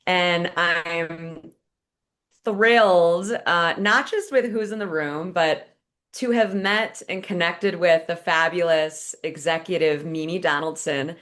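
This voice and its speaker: A woman author hosts a virtual fireside chat over a video call. Her voice sits a bit low, and she talks in a chatty, enthusiastic way. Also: slow, fairly bright tone. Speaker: author and host.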